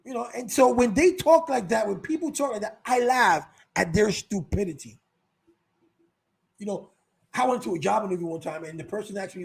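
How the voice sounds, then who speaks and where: A man's voice: high-pitched, moderate pace, vocal fry, husky. A man ranting casually in a vlog, sarcastic, mocking other people's views with raised voices. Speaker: vlogger. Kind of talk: casual opinion rant. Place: North Carolina.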